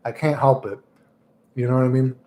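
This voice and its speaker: A male streamer chatting casually with his audience in a rambling, crude, joking way. His voice sits at an average pitch for a man. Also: fairly even intonation, brisk, mellow. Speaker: livestreamer.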